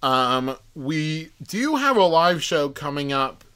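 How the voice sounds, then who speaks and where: A man in his thirties chatting as a podcast guest, animated and acting out quoted reactions. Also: fairly high pitch, slow pace, smooth. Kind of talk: casual chat.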